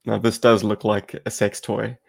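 A man's voice: on the low side, level tone, moderate pace, vocal fry. A South African man co-hosting a podcast, chatting casually and explaining things at length. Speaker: podcast co-host.

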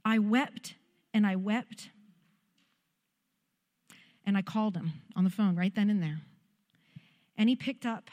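A woman's voice: mid-range voice, a little slow, long pauses, a little mellow, long reverb tail. A woman pastor preaching a sermon and telling a personal testimony in a conversational, heartfelt way.

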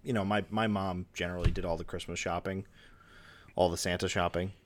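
A man's voice: sits low, level tone, a little fast, slight background noise. A man hosting a podcast, telling a story in casual chat, full of "like" fillers. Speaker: podcast host.

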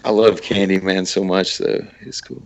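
A man co-hosting a podcast, chatting casually about horror movies with a gravelly, profane, laugh-filled manner. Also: sits low, flat delivery, moderate pace, background noise. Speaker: podcast co-host. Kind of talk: casual chat.

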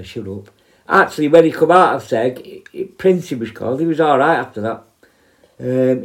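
Man, ex-prison officer, casual anecdotal talk, rambling, mid pitch. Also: a little mellow. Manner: rambling, many fillers and asides. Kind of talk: casual storytelling.

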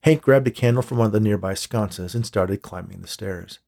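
Low gravelly male storyteller. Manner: measured, dark storytelling. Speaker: narrator. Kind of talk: scripted audiobook narration.

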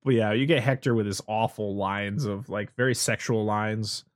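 A man's voice: lowish voice, normal speed, no echo, studio quality. A man casually recapping a movie for a podcast, swearing freely and acting out the characters' lines. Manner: profane, animated retelling with acted quotes. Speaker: podcast co-host.

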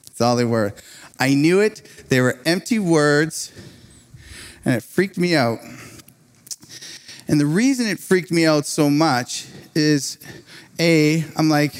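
A man delivering a sermon in a fairly high voice, lively and conversational. He tells his story with quick restarts and little laughs between phrases. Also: smooth. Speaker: preacher.

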